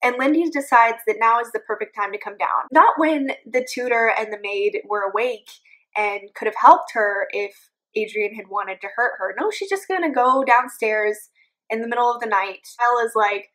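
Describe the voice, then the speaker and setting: A woman's voice: fairly high pitch, normal speed, a bit bright, rough recording. A young adult woman giving a casual, sarcastic book summary with jokey asides. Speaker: book reviewer.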